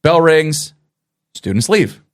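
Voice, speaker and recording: A man's voice: fairly high pitch, sing-song, takes it slowly, no room sound, clean studio sound. A middle-aged man, a teacher co-hosting a podcast, telling a story in casual chat and acting out the quoted lines with laughs.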